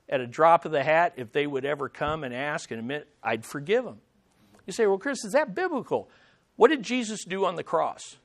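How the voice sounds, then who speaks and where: A male pastor delivering a sermon with a high, lively voice that swings widely in pitch. He preaches with animation and pushes some phrases close to a shout. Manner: animated preaching, rising to near shouts for emphasis.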